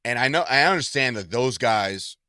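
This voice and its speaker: A man's voice: mid-range voice, expressive, moderate pace, pushed and bright, smooth, dry recording, clean studio sound. A man co-hosting a wrestling podcast in casual chat, opinionated and blunt, swearing freely. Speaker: podcast co-host.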